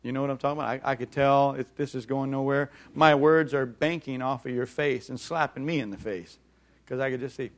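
A man preaching a sermon in an animated way, acting out voices and calling on the congregation to respond. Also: mid-range voice, fairly quick. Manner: animated, acts out mocking voices, calls for audience response.

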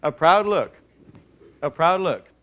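Guy preaching, lively sermon, kinda high voice, gets the crowd to repeat stuff. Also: slow pace. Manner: animated, acts out mocking voices, calls for audience response.

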